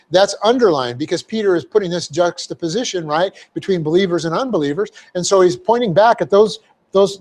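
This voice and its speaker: A middle-aged man, a pastor, teaching a Bible passage word by word with frequent "okay?" checks and homely asides. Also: fairly high pitch. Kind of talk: verse-by-verse teaching sermon. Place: church hall.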